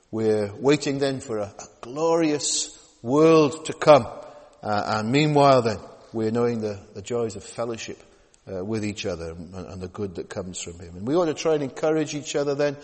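A man's voice: medium pitch, darkish tone. A man preaching a conversational sermon in a church, talking in a chatty way with many tag questions and frequent restarts. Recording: long hall reverb.

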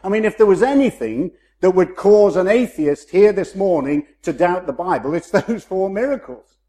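A man preaching a sermon in a measured, emphatic way, slowing down to stress key phrases. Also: high voice, lively intonation, warm tone.

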